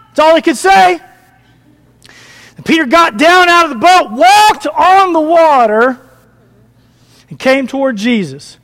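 A man preaching a sermon, animated, asking the congregation questions as he retells a passage. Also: extremely high pitch, moderate pace. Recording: long reverb of a church hall.

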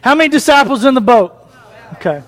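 A man preaching a sermon, animated, asking the congregation questions as he retells a passage. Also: very high voice, fairly quick. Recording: long reverb of a church hall.

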